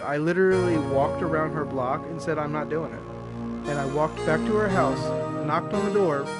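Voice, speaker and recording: A young man streaming a game, rambling candidly and swearing freely as he tells stories. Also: a little high. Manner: rambling, profane, candid storytelling. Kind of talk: live gameplay commentary. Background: loud game music.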